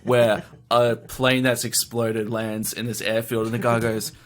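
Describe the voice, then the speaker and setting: Man, mid-pitched, podcast co-host, animated, laughs a lot. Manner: animated storytelling, quick asides, laughs often. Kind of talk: casual chat.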